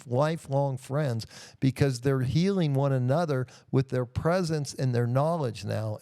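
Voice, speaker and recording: A man's voice: mid-range voice, warm tone, no echo. A man hosting a talk show, speaking earnestly and from the heart about his mission. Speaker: podcast host. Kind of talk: casual interview.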